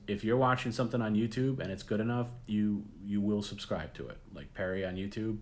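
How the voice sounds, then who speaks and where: Hosting a late-night stream, a man chats casually and rambles, often repeating his words and laughing at his own jokes. His voice is on the low side, with a darkish tone.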